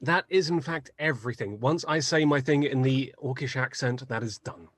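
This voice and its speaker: A man plays his turn in a tabletop game, cracking jokes and riffing on his character. His voice is mid-pitched and plain, with a playful lilt. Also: normal speed. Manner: jokey, playful. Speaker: player. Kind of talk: casual tabletop play.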